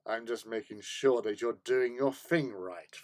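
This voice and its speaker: A man's voice: mid-range voice, measured pace, close to an everyday voice. A man voicing his pet cat as a surly, aloof female who talks back with sulky indignation. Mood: indignant.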